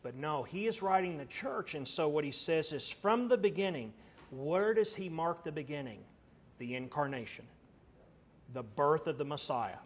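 A middle-aged man, a pastor, teaching a verse-by-verse sermon, asking the congregation questions and moving between quiet asides and emphatic raised lines. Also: on the high side, animated, moderate pace.

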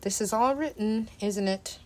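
Slow, rambling woman who laughs a lot. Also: medium pitch, darkish tone. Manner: meandering, laughs often, swears casually. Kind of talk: rambling casual monologue.

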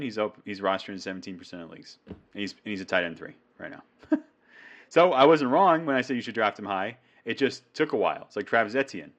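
A man co-hosts a fantasy football show, chatting casually in a jokey, rambling style and quick to riff. His voice is on the low side and a bit bright.

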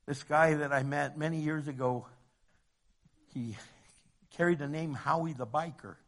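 Brief: male preacher, high-ish voice, dramatic swings from loud to quiet. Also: unhurried. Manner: emphatic, swinging from loud to hushed. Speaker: pastor. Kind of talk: sermon.

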